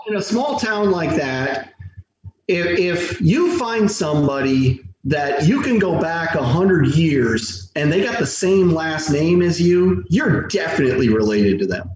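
Man, high animated storyteller, echoey distant room mic, slight hiss. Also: unhurried, lo-fi sound. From United States. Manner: animated, repeats words when starting sentences. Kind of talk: casual storytelling chat.

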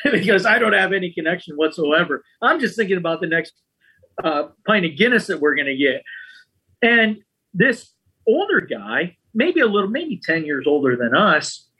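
A husky-voiced man hosting a casual chat, telling a story in a lively, chatty way. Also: high-pitched. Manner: lively, chatty, often adds "right?" and "man".

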